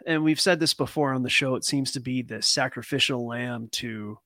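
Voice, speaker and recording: A man hosting a casual political podcast, talking in a relaxed, hesitant way with many fillers. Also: medium pitch, normal speed, dry recording. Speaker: podcast host.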